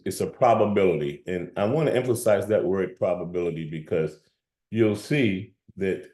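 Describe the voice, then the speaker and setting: A man's voice: fairly low pitch, a little mellow, roomy sound. A man giving an evening lecture on statistics to students, talking conversationally and often checking in with "okay?".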